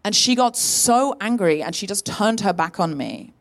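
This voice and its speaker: A woman's voice: medium pitch, moderate pace. Woman telling a story on a live stage. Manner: animated storyteller, acts out quoted voices. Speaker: podcast co-host. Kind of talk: live comedy podcast storytelling.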